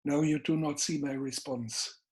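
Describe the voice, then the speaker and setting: A man's voice: a little high, steady tone. Older man with a Bavarian German accent. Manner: measured, deliberate, emphatic phrasing. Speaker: guest filmmaker. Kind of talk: interview conversation.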